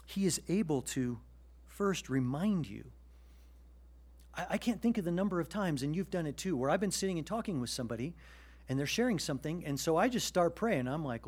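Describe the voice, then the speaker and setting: Guy preaching a sermon, lively and chatty, gets loud then goes hushed. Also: on the high side, fairly quick, slightly rough. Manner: animated, swings from loud urgent to hushed; conversational, plays out little scenes. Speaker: pastor.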